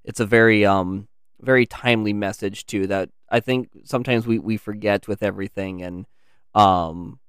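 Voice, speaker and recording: A man's voice: lowish voice, steady tone, normal speed, fairly bright tone, clean tone, no echo, clean studio sound. A man co-hosting a podcast, narrating a storybook tale and chatting in an easygoing, rambling way. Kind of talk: storybook narration and casual chat.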